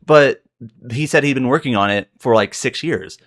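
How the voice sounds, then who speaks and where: A man's voice: mid-range voice, normal speed, a bit bright. A man co-hosting a casual podcast, rambling through his account with many fillers and self-corrections. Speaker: podcast co-host.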